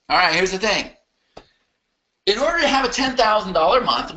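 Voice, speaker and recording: A man presenting a webinar in an emphatic, repetitive motivational sales-pitch style. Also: bright, forceful tone, rough recording.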